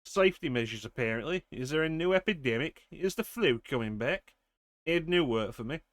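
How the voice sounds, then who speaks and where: A man's voice: on the high side, expressive, a little fast, fairly bright tone, no echo. Man streamer reading game notes aloud. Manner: reads steadily, then chats casually with fillers.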